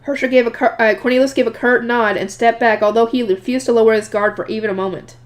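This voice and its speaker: Higher-voiced woman reading a novel aloud, casual, self-correcting. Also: fairly even intonation, fast. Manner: casual reading, corrects her own slips. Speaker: reader.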